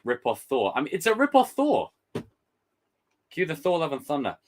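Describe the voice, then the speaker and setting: A man's voice: on the high side, wildly swooping pitch, moderate pace, long pauses. A young man giving casual, rambling live commentary, joking and swearing freely. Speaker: streamer reacting to a trailer.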